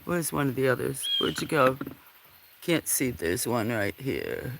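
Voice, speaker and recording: Unhurried, gravelly live-stream host filming farm cats on a phone; chatty and apologetic with viewers. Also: medium pitch, sing-song, noisy background. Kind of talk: casual live-stream chat. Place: farm, among the cats at feeding time. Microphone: handheld phone.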